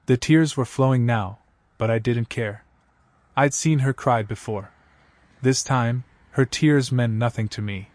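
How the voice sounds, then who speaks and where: A man telling a dramatic first-person story in steady, scripted narration. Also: medium pitch, measured pace, no room sound.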